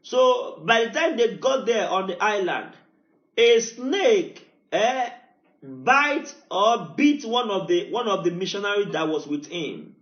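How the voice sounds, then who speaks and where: A man's voice: sits high, expressive, slow pace. A man, preaching as pastor, who tells a story with a lot of repetition, calls on listeners to answer, and builds into chanted prayer. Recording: echoey, dull church audio.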